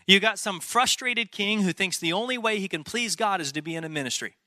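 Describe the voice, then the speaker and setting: Man, pastor, sermon, very bright sharp tone, dry close sound, emphatic. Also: high-pitched, a little fast, no echo. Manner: emphatic, conversational preaching with rhetorical questions.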